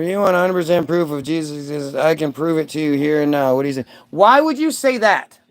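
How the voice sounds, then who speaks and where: Male commentator, high-pitched, irreverent rambling rant delivery. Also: a bit bright. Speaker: online commentator. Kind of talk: casual comedic rant.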